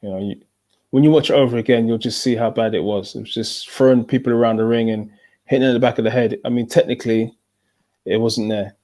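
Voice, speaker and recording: Guy hosting a fight watchalong, mellow and relaxed, keeps repeating himself. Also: mid-range voice, quick pace. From North London. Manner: repeats himself, laid-back. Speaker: watchalong host. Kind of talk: casual chat reading viewer comments.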